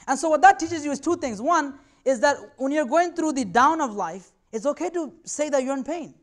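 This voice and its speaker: A man's voice: extremely high pitch, lively intonation, normal speed, fairly bright tone. A man giving a religious talk to students, earnest and conversational, reassuring his listeners in a loose, chatty way. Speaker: invited speaker.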